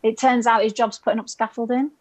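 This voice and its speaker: A woman's voice: on the high side, level tone, fast talker, a little hiss or hum, poor audio. A woman in her forties from the UK doing a stand-up set over a video call, chatty and self-mocking, laughing at her own jokes. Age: 40s. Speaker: stand-up comedian.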